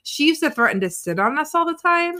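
A woman's voice: high voice, sing-song, brisk, pushed and bright. A woman podcast co-host from Southern California, chatting casually and agreeing easily with her partner. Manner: easygoing, affirming, chuckles often. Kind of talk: casual chat.

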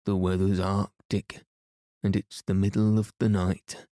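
A man's voice: sits low, level tone, unhurried, warm tone, no echo, clean studio sound. A man reading as a grumpy ancient sand fairy. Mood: cross. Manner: grumpy, curt. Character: cross, ancient furry sand fairy, small. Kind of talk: bedtime storybook reading.

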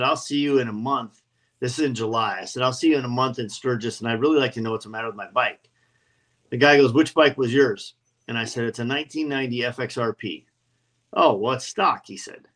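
A man guesting on a podcast, spinning stories in easy conversation. His voice sits at a middling pitch, and he slips into the voices of the people he quotes. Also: low-quality recording. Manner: animated anecdotes, acts out quoted voices. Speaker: guest, custom motorcycle builder. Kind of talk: casual podcast storytelling.

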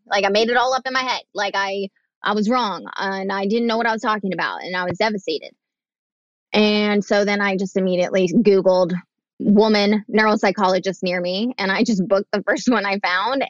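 A young woman speaking as a podcast guest, candid and animated, acting out the voices she quotes. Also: mid-range voice, dry recording, muffled recording. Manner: animated, acts out quoted voices, frank and profane. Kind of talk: candid conversational storytelling.

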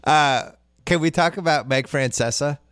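A man's voice: a little high, normal speed, a bit bright, no room sound, clean studio sound. A man hosting a casual podcast chat, talking in a chatty, wry way. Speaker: podcast host.

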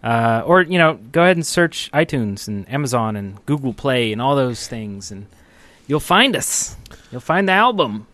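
Brief: chatty male co-host, bright lively voice, dry sound. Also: mid-range voice, moderate pace, no echo. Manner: chatty, plugs the show. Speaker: podcast co-host. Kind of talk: casual chat.

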